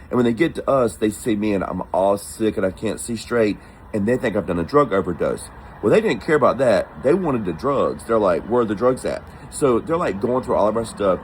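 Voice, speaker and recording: In a fairly low voice, a man tells a casual, animated story from his travels, acting out what the people said. The recording is low quality, with slight background noise.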